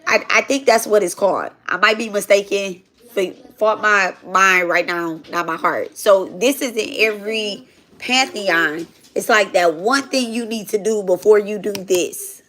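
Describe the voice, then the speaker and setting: A woman's voice: mid-range voice, measured pace, fairly bright tone, a little hiss or hum. Slangy, rambling woman telling stories. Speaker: spiritual content creator. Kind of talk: casual livestream chat while cooking.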